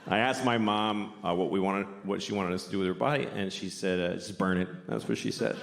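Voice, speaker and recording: A middle-aged man doing a deadpan stand-up comedy set, now and then breaking into loud shouted bits. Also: fairly low pitch, brisk, gravelly. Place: comedy club stage before a laughing audience. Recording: roomy live club recording, noisy.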